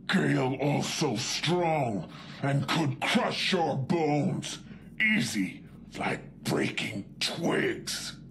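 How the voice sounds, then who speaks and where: A woman's voice: sits low, a little hiss or hum, exaggerated voice. A woman voicing a big, short-tempered female super mutant in a video game, talking in broken, simple sentences and calling herself by name. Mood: menacing.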